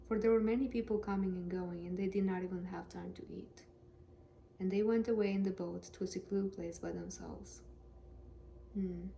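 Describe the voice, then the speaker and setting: A woman's voice: medium pitch, steady tone, normal speed, creaky, dark tone, a little hiss or hum. A woman reading scripture aloud with casual, sarcastic, joking commentary. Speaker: Bible reader and commentator.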